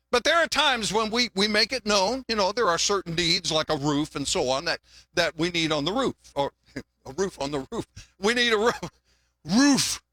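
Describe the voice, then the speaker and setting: A man's voice: sits high, bright, forceful tone, no room sound, clean studio sound. An older man preaching a sermon in a folksy, conversational way, often restarting his words and mixing in jokes. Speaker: pastor.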